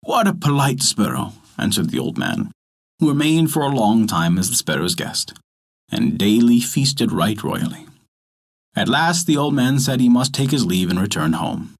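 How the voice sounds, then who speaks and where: Lively husky male storyteller. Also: mid-range voice. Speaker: storyteller and podcast host. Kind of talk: scripted narration.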